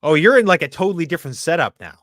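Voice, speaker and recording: A man joining a casual livestream as a guest, chatty and scattered, with quick asides. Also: fairly high pitch, sing-song, fairly bright tone, no room sound, clean studio sound. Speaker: guest co-host.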